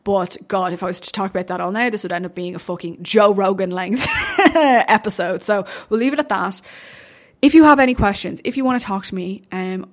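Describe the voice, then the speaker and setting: A young woman talking alone into her podcast mic about her sport. She speaks casually and bluntly, swears freely and gets heated when she feels she has to justify herself. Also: mid-range voice. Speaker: podcast host and bodybuilding coach. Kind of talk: casual solo podcast chat.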